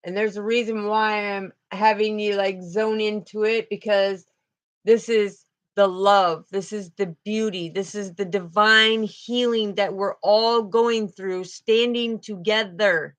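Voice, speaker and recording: A woman's voice: medium pitch, steady tone, takes it slowly, rough recording. A woman doing a spiritual card reading, talking in a fervent, emotional way and often repeating herself.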